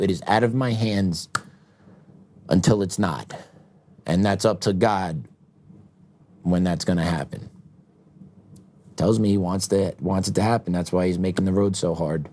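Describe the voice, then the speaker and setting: A middle-aged man hosting a political talk show, ranting heatedly, with loud outbursts that drop into quieter reflection and frequent laughs. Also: on the low side. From United States.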